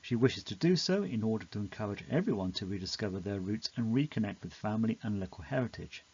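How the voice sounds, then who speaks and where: Male narrator for a study video, measured and explanatory, slightly dull lo-fi sound. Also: on the low side, expressive, a little mellow, husky. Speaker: teacher explaining a poem. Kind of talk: scripted educational narration.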